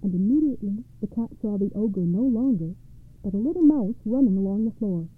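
A woman narrating fairy tales for a radio program in a measured, expressive storytelling manner. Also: mid-range voice, husky, dry recording. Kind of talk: fairy tale read-aloud narration. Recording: tinny phone-like radio sound.

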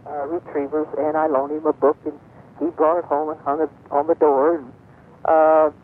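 An older woman, a guest on a radio show, telling a rambling story with many pauses and fillers. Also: low-pitched, level tone. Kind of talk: reminiscing on a call-in radio show. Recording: tinny phone-line sound.

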